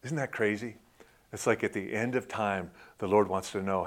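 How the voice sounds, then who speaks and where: A man preaching a sermon in a conversational way, often dropping into soft, intimate tones and saying "man". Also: on the low side, normal speed. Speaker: pastor.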